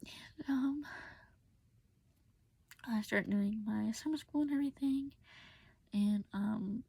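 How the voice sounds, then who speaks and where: Husky young woman venting her story. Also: a little high, slow, warm tone, dry recording. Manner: casual, venting, many fillers, drops to whispers. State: tearful. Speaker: vlogger telling a personal story. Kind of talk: personal storytelling vent.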